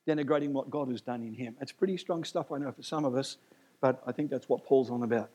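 A man preaching a sermon, animated and emphatic, with jokes and asides. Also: mid-range voice, a little fast, husky.

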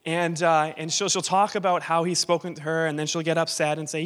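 A bright-voiced man in his thirties speaks from the stage as a visiting missionary, wandering into joking, self-deprecating asides. His voice sits fairly high and rings out with a long hall reverb. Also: level tone, fairly quick. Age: 30s. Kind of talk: church talk with humorous stories. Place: church sanctuary.

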